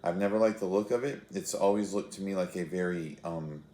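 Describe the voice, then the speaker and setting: A man's voice: low voice, fairly quick, warm tone, reverberant, a little hiss or hum. A man in his thirties hosting a fruit-tasting web show, chatting casually to the camera in a rambling, self-deprecating way with filler restarts. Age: 30s.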